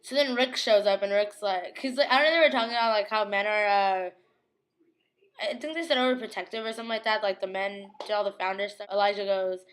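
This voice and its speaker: A young woman casually recapping a TV episode, gushing, giggling and quoting characters in quick impressions. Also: mid-range voice.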